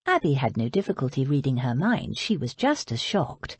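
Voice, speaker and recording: A woman narrating an audiobook with expressive storytelling. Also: rumbling low, moderate pace, breathy edge, no echo. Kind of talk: scripted narration.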